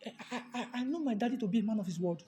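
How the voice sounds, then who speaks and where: A woman's voice: a little high, expressive, rapid-fire, warm tone, soft background music. A Nigerian woman giving an emphatic motivational talk, repeating key phrases and slipping into pidgin. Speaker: motivational speaker.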